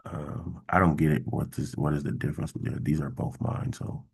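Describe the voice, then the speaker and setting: A man hosting a casual coding workshop, thinking aloud in a halting way with many fillers and mild exasperation. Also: a bass voice, little pitch movement, creaky, breathy edge. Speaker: workshop host. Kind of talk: casual screen-share coding walkthrough.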